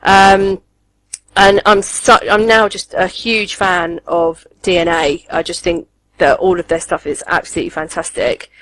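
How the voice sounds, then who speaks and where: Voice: mid-range voice, level tone, a little slow, a bit bright, low-quality recording. A podcast co-host, chatting casually and eagerly, with many ums and restarts. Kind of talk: casual chat reviewing comics.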